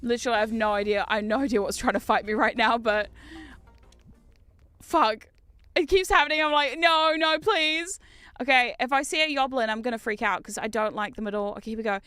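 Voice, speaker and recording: A woman with a New Zealand accent giving casual gameplay commentary as a streamer. She talks loudly and excitably and swears a lot. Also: on the high side, quick pace, soft background music. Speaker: VTuber streamer.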